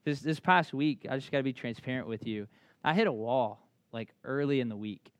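A man preaching from the pulpit in a frank, conversational way, full of restarts and casual asides. He slows and softens for quiet reflection, and his voice sits in a middle pitch. The sound is dry and close, with little room echo. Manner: candid and conversational, with many restarts and "like". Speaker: pastor. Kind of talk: sermon.

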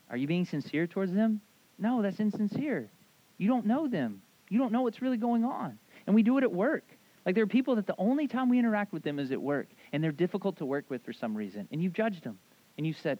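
A man's voice: fairly high pitch, sing-song, fairly quick, dry recording. A man preaching a casual, conversational sermon as a youth pastor, rambling through stories with lots of fillers and "right?". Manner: rambling, filler-heavy storytelling with frequent "right?". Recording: dull lo-fi sound.

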